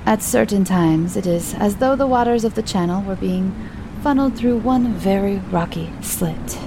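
A woman voicing a grave middle-aged male Breton innkeeper who speaks slowly and sinks into hushed whispers. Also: mid-range voice, noisy background, close to an everyday voice. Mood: solemn. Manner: slow, solemn, drops to a whisper.

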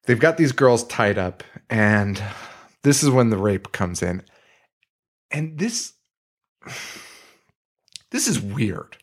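A man co-hosting a podcast, casually retelling a film scene with excitement, swearing and laughing. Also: fairly low pitch, very slow, pauses often. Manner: excitable retelling, swearing, putting on silly voices. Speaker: podcast co-host. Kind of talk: casual film-review chat.

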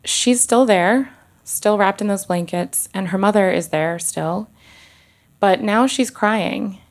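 A woman doctor recounts a true experience with a low voice that has a gravelly, fry-tinged texture. She speaks haltingly and with emotion, often stopping and starting over mid-phrase. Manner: halting, emotional, many restarts and pauses. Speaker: doctor telling a personal story. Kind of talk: live personal storytelling.

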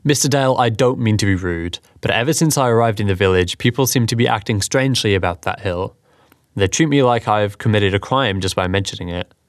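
A man's voice: on the low side, brisk, dry recording, clean studio sound, lightly acted. A man reading as a polite young businessman. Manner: polite, apologetic. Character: polite young male businessman, curious and earnest.

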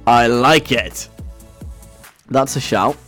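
Casting a joking, chatty man as a radio host, mid-pitched, faint music underneath. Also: drawn-out words, a bit bright. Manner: playful, rambling, chuckling. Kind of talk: casual radio chat.

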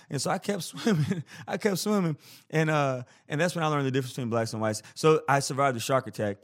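A man's voice: on the high side, brisk. A man hosting a podcast, telling a story in a casual, playful, jokey way and acting out the scenes as he goes. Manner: animated, playful storyteller who acts out scenes; jokey, self-deprecating. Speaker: podcast host.

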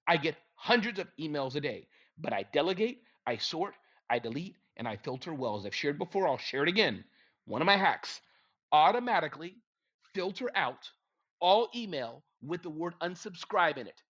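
Middle-aged man, motivational business talk, emphatic, lively swooping pitch, slightly high voice, dull lo-fi recording. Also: moderate pace. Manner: energetic, emphatic, lively delivery. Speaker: business speaker giving advice. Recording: dull lo-fi sound.

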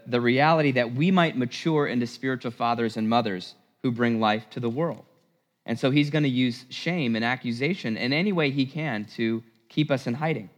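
Animated male preacher in a church. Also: mid-range voice. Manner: animated, rhetorical questions, emphatic. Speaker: priest preaching. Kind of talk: sermon. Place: church sanctuary. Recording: long church reverb.

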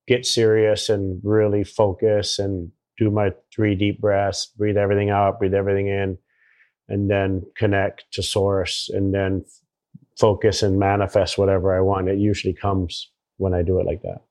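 A man's voice: deep voice, monotone, moderate pace, a little mellow. Laid-back man telling a surfing story. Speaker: big wave surfer guest. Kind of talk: casual storytelling.

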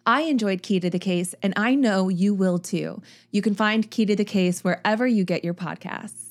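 A woman, hosting a casual true-crime podcast in a chatty, animated way. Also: medium pitch, normal speed. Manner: chatty, animated, self-deprecating. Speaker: podcast host.

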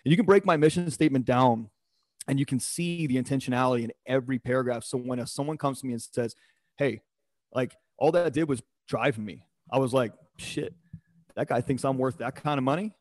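A man's voice: mid-range voice, brisk, no echo. A man guesting on a podcast, talking about his personal mission in an emphatic, motivational way, blunt and with the odd swear word. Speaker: podcast guest, performance coach. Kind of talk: casual podcast conversation.

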